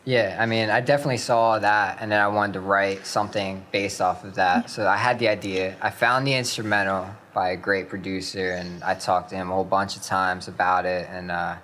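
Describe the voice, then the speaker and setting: A man's voice: deep voice, steady tone, fairly quick, hardly any pauses, fairly bright tone, a little hiss or hum. A young man, a rapper, chatting casually about his music as a radio guest, with many fillers.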